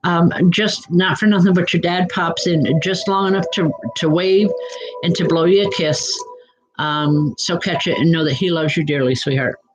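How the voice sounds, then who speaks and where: A woman acting as a reverend and psychic medium, giving live readings in a gentle, reassuring way and calling viewers by name, with many "um" fillers. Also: lowish voice, moderate pace, poor audio.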